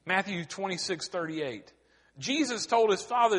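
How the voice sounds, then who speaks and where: A man preaches a sermon in a fairly high voice. He leans on dramatic pauses and rises into emphatic cries to his congregation. His words ring out with a long reverb that fills the church sanctuary. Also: lively intonation, a bit bright. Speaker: pastor.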